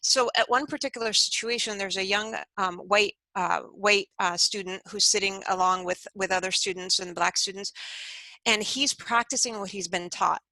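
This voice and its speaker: A woman's voice: mid-range voice, steady tone, normal speed, bright, forceful tone, no echo, rough recording. A woman speaking as an interview guest, telling a story in an earnest, conversational way and acting out the quoted voices.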